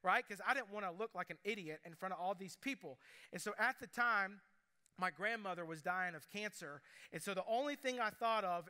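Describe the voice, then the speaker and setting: A young man preaching a sermon, telling stories with asides and quick quoted voices. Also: high voice, sharp tone, smooth. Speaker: pastor.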